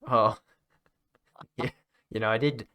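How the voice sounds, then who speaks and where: A man from Michigan hosting a casual comedy podcast, telling rambling tall tales with a deadpan delivery. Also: lowish voice, takes it slowly, slight background noise. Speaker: podcast host.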